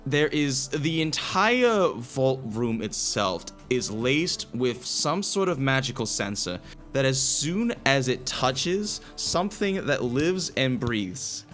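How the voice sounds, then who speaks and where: A man's voice: mid-range voice, big pitch swings, slow, a bit bright, faint music behind. A man running a tabletop game as dungeon master, explaining the rules with many restarts.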